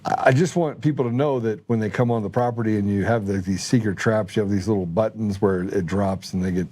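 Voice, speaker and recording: A man chatting casually, telling stories with laughs and quick asides. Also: lowish voice. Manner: laughing, animated storyteller. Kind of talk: casual chat, storytelling.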